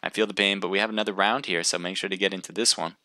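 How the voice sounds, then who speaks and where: A man's voice: sits low, fairly even intonation, rapid-fire, sharp tone, no room sound. A man casting a live stream, chatting casually with viewers and thinking aloud with frequent restarts. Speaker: livestream caster.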